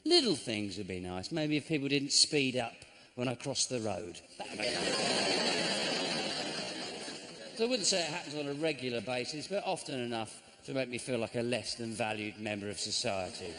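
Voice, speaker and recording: A middle-aged man from England doing a stand-up comedy routine, deadpan and grumbling, breaking into sudden shouts. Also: mid-range voice, moderate pace. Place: large theatre stage. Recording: live show with constant audience noise.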